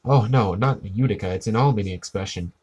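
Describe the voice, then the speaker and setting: A man doing a flustered middle-aged cartoon school principal who stumbles through nervous excuses. The voice stays low and close to the speaker's own, in an offhand recitation. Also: fairly quick, darkish tone, slightly rough.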